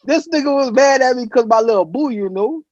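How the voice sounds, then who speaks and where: A man, a podcast guest swapping stories in casual chat, relaxed and rambling. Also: very high voice, a little fast, dull audio, background noise.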